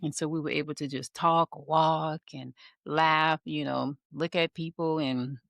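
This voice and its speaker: A woman's voice: sits low, steady tone, a little slow, gravelly, fairly bright tone, dry recording. A middle-aged woman co-hosting a podcast, reflectively recounting a trip with her husband. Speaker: podcast co-host. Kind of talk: casual chat.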